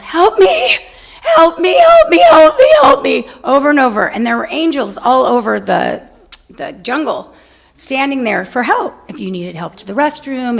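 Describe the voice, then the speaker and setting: A woman's voice: mid-range voice, gravelly, slightly rough. A middle-aged woman giving an inspirational spiritual talk to a congregation, telling personal stories with laughter and often asking "right?". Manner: storytelling with laughter and frequent "right?". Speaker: guest speaker at a spiritual center.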